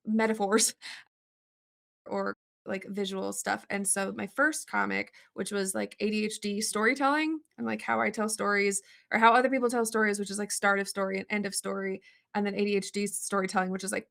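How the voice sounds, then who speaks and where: A woman guest on a video-call interview, telling stories in an animated, rambling way full of "like" fillers. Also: medium pitch, gravelly. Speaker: interview guest, comic artist. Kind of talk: casual storytelling in an interview.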